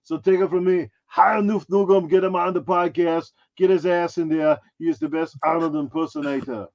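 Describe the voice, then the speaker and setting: A brash, self-promoting action-movie star holds forth, as a man does the impression, crude and full of swagger. The voice sits fairly high, and the audio is dull and muffled. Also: fairly even intonation, a little fast, gravelly, husky, full character voice. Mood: boastful. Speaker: guest impressionist. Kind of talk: podcast chat in character.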